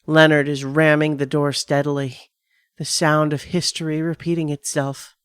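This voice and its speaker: A woman giving a measured, dramatic first-person reading of a scripted horror story on a close studio mic. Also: low voice, flat delivery, smooth, dry recording. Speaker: narrator.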